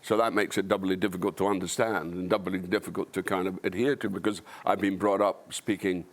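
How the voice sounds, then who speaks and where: A man's voice: low-pitched, level tone, brisk. An older man from Scotland with a Dundee accent, a panel guest talking in a blunt, wry, anecdotal way. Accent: Scottish, Dundee. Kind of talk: panel discussion.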